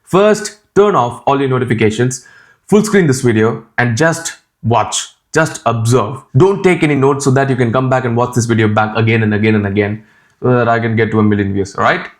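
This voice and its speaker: A brash, cheeky young man from India, speaking in a blended Indian and Australian accent. He coaches the camera directly with lots of energy, and his voice sits at an ordinary middle pitch. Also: fairly quick. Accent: mixed Indian and Australian. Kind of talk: direct-to-camera teaching vlog.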